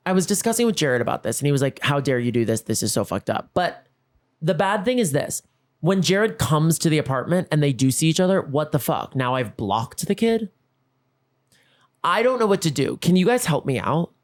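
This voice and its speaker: Animated man telling a comic story. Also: a little high. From Los Angeles. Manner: animated, acts out both sides of conversations. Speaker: podcast host. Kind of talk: comedic storytelling monologue.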